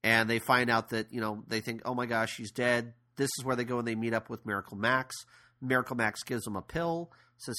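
Podcast co-host, male, bright forceful tone, rambling casual film recap. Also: mid-range voice, fairly quick. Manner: rambling retelling with fillers. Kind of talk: casual movie discussion.

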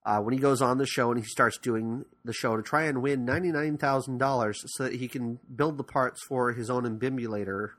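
A man's voice: mid-range voice, steady tone, a little fast, few pauses, a bit bright. A man hosting a podcast in casual talk, rambling with frequent fillers and restarts. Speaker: podcast host. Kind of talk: casual podcast commentary on cartoons.

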